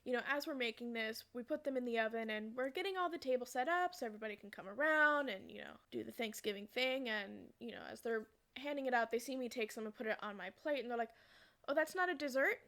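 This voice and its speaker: A woman's voice: fairly high pitch, quick pace, few pauses, fairly bright tone. A chatty woman telling a story in her vlog, wandering off on side tracks and laughing through it. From United States. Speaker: vlogger.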